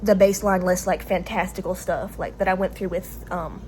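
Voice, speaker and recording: Speaking a little fast in a fairly low, slightly mellow voice with a level tone, a Southern US vlogger records herself talking straight to camera. She rambles casually, hesitant and full of restarts and fillers, with slight background noise.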